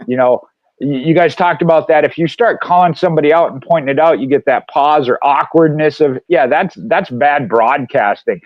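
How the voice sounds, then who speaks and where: A man's voice: on the high side, normal speed, dry recording. Radio co-host, man, Minnesota accent, rambling, dry dull recording. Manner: rambling, with many fillers and restarts. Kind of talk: casual radio talk.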